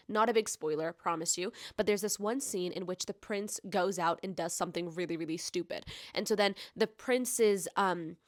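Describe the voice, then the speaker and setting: Woman, book vlogger, gushing, effusive, says "like" constantly, hushed to loud bursts, mid pitch, dry close mic. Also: no room sound. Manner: gushing, effusive, heavy use of filler "like". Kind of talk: casual book review vlog.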